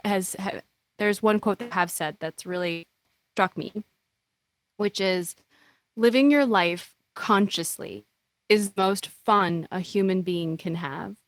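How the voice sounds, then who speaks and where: A woman's voice: mid-range voice, slow, no echo. A woman hosting a podcast interview, asking effusive, admiring questions. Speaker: podcast host.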